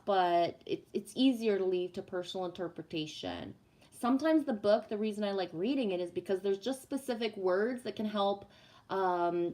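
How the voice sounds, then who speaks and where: A woman hosting a casual spiritual livestream, reading viewer comments and venting bluntly, with lots of swearing and repeated "right?" tags. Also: medium pitch. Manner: emphatic and profane, rhetorical "right?".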